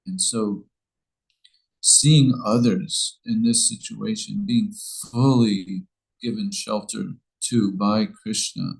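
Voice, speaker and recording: A man's voice: fairly low pitch, steady tone, slow pace, vocal fry, low-quality recording. A man giving an informal scripture class, telling a story in a rambling way with many restarts.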